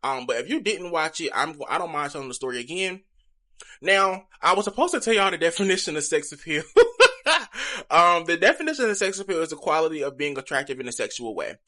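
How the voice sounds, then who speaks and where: A man's voice: fairly high pitch, lively intonation, fast, bright, forceful tone. A young man talking to viewers in a candid, chatty confessional vlog. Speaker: vlogger.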